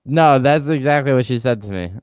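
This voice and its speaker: A man's voice: medium pitch, animated, brisk, darkish tone, smooth, no room sound, lo-fi sound. A young man co-hosting a podcast, telling funny stories in laid-back, joking casual banter with casual swearing. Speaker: podcast co-host.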